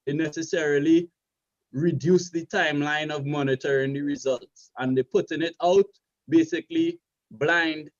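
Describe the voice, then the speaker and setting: A man's voice: on the high side, steady tone, normal speed, dry recording. Insistent man explaining, dry lo-fi sound. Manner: insistent, keeps repeating to be heard. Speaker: panel debater. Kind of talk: casual debate. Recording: dry dull lo-fi audio.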